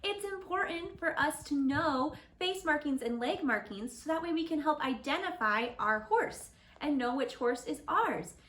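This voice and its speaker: A woman gently and patiently teaching children a lesson on horses and reading them a storybook aloud. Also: high-pitched, long reverb tail. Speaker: children's horse program instructor.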